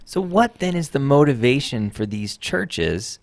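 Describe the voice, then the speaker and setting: A man's voice: medium pitch, very animated, unhurried, dry recording. A man co-hosting a radio talk show in a studio, asking pointed questions with some hesitant fillers. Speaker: radio co-host.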